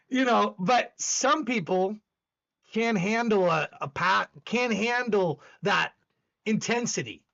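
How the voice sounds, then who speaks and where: A man's voice: sits high, lively intonation, takes it slowly, vocal fry, fairly bright tone, lo-fi sound. A man hosting a casual stream, talking intensely and emphatically with frequent restarts. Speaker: host. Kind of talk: casual livestream chat.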